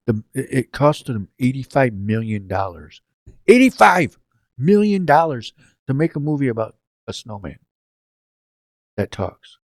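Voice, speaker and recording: A low-voiced man chats loosely on a home live stream and jokes his way through stray tangents. He speaks close to the mic, with a dry sound and hardly any room around him. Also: a little mellow, dry recording. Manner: rambling, joking, talks to chat viewers by name. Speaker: livestream host. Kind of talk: casual live-stream chat.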